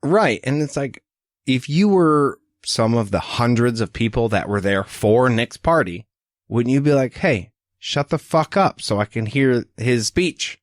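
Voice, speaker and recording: Animated swearing male podcast co-host. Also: mid-range voice, measured pace, dry recording, clean studio sound. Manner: animated, profane, acts out quotes. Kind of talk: casual book-discussion chat.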